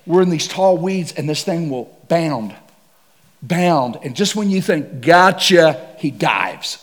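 A man preaching to a men's gathering, telling a comic safari story with bursts of shouting and laughter. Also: fairly high pitch, slow pace. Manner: animated, shouts and laughs through stories. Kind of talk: comedic sermon storytelling.

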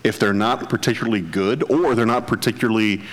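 A man chatting casually as a podcast co-host, animated and laughing often, with rambling restarts. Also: fairly low pitch, fairly quick, long reverb tail. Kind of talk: casual chat.

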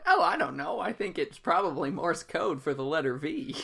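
A man's voice: on the high side, animated, moderate pace, vocal fry, a bit bright, slightly rough. A man co-hosting a podcast in casual chat, dry and joking, laughing often. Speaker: podcast co-host.

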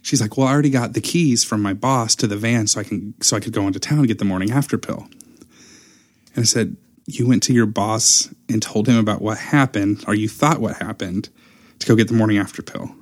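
Man, low pitch, animated storyteller, casual chat. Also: fairly quick. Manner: animated storyteller, acts out quotes.

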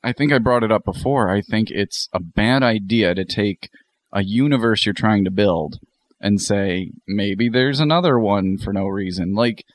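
A man's voice: lowish voice, moderate pace. A man co-hosting a podcast, chatting casually and rambling with fillers. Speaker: podcast co-host. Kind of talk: casual chat.

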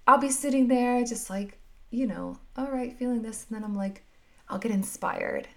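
A woman hosting a podcast, talking through her emotions in a soft, musing, reflective monologue full of casual fillers. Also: on the high side, expressive, measured pace. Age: adult mother. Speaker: podcast host.

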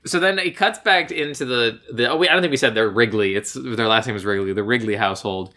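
A man's voice: medium pitch, quick pace, pushed and bright. A man co-hosting a podcast, animatedly retelling a movie's scenes and acting out characters' lines in casual chat. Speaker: podcast co-host.

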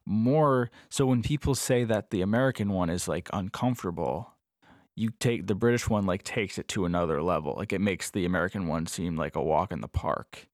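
A man co-hosting a podcast in casual chat, talking in halting bursts full of "like" and restarts. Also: deep voice, no echo, clean studio sound. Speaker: podcast co-host.

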